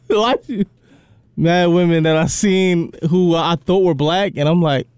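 Casual male co-host, higher voice, quick repeated restarts, dry close sound. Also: darkish tone, smooth, no echo. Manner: quick, repeats words, stumbles into his point. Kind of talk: casual podcast chat.

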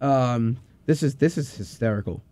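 A man's voice: medium pitch, normal speed, warm tone. A man hosting a casual quiz, teasing the players and laughing often. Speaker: quiz host. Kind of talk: casual chat.

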